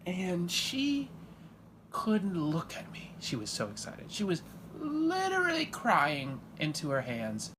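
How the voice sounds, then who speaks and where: A man rambles through a deadpan comedy monologue as a dad, stumbling over fillers, then leaping high into excited bursts. His pitch swings all over the place. A steady hiss of noise sits under the recording. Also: unhurried.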